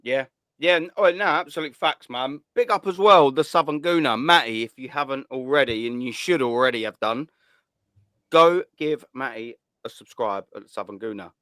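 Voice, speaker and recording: A man's voice: mid-range voice, moderate pace, fairly bright tone, no echo, studio quality. A man hosting a live call-in stream, talking in blunt, laddish banter full of swearing. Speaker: host of a call-in show. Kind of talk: casual live stream chat.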